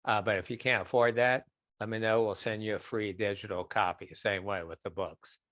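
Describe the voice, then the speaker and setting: Man, low voice, dry close sound, chatty webinar guest, acts out little quotes. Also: fairly even intonation, brisk, a bit bright, dry recording. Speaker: guest speaker answering questions. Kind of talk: online webinar Q&A.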